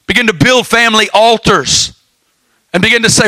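A man's voice: high voice, fairly even intonation, moderate pace, sharp tone, no echo. A man preaching a sermon, fervent and exhorting, often breaking into laughter.

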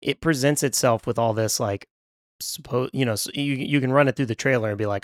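A man's voice: medium pitch, brisk, no room sound, clean studio sound. Laughing, rambling man reviewing a film. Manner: rambling, self-interrupting, laughs often. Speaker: film podcast panelist. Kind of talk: casual film review discussion.

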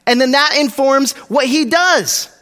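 High-voiced man preaching in a hall. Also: measured pace, pushed and bright. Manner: casual, emphatic preaching with slangy asides. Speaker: pastor. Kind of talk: sermon.

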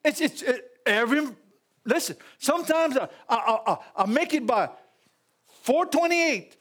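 An extremely high-pitched, unhurried male voice with a Louisiana Southern accent preaches a sermon in church. The pastor engages the congregation through animated call-outs and laughing asides.

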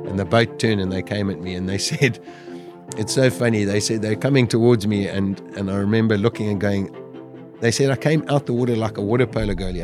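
A man's voice: mid-range voice, darkish tone. A man telling a survival story as an interview guest, acting out the words he and others once said. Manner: vivid storytelling that acts out its own remembered speech.

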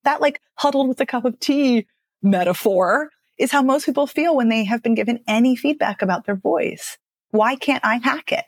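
A woman who works as a speech and dialect coach, talking about her path in a chatty, animated podcast interview and laughing often. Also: on the high side, moderate pace, no room sound, clean studio sound.

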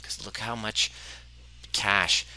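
A man's voice: fairly low pitch, steady tone, slow pace, gravelly, bright, forceful tone. A man hosting a podcast, earnestly telling a coaching story and acting out his client's lines. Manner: earnest, acts out client dialogue. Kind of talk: personal storytelling monologue.

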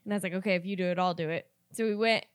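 A woman's voice: lowish voice, steady tone, clear, resonant tone, no echo, clean studio sound. A young woman chatting casually as a podcast co-host, cutting in with teasing remarks and laughing easily. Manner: teasing interjections, quick to laugh. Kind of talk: casual chat.

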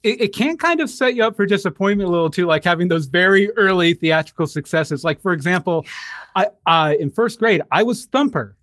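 Relaxed man hosting an interview. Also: high voice, brisk, no room sound, clean studio sound. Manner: relaxed, supportive, frequent backchannels and laughs. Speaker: host. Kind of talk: casual interview chat.

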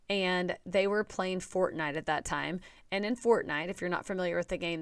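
A woman's voice: fairly low pitch, no room sound. Chatty, earnest woman coach. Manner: earnest, chatty, speaks straight to viewers. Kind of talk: motivational talk to camera.

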